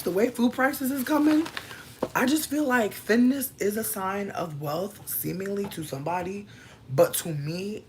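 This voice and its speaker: A woman riffs through a loose, profane comedic chat as a podcast host. Her lowish voice leaps around wildly in pitch, and a faint hiss of background noise sits behind her. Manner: loose, profane, riffing with big swings in pitch.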